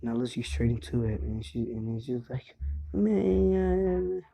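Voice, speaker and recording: A man's voice: medium pitch, monotone, a little fast, warm tone, faint music behind. Rambling man with a dull lo-fi sound. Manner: rambling, hesitant, many fillers and restarts. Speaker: storyteller. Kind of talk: casual improvised fan-fiction retelling. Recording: dull lo-fi home recording.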